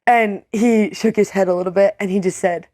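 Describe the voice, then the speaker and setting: A young woman co-hosting a podcast, telling a story in a lively way, with many fillers and quoted voices. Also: brisk, no echo, clean studio sound. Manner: animated storyteller, many "like"s, acts out quotes in a higher voice. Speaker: co-host. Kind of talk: casual storytelling.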